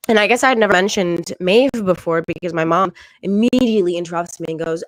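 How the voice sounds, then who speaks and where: Deadpan young comic with a dry sound. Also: female voice, fairly low pitch, fast, hardly any pauses, no echo, poor audio. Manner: deadpan, with frequent ums and little laughs. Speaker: stand-up comedian. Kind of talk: stand-up comedy set. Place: home, virtual show.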